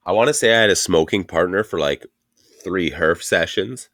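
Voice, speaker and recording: A man's voice: deep voice, normal speed, a bit bright, no room sound, clean studio sound. A man co-hosting a podcast, telling a rambling, profane story in casual chat and laughing often. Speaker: podcast co-host.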